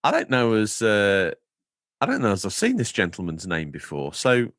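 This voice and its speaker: A male podcast co-host in loose, casual chat, playful and rambling as he wanders into absurd tangents. His voice is on the low side but swings widely in pitch, and the recording is close and dry. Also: wildly swooping pitch, moderate pace, a bit bright, dry recording.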